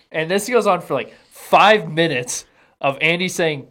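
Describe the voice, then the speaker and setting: A man's voice: fairly high pitch, lively intonation, moderate pace, fairly bright tone. Crude, laughing man telling a story. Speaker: podcast co-host. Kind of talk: casual chat among friends.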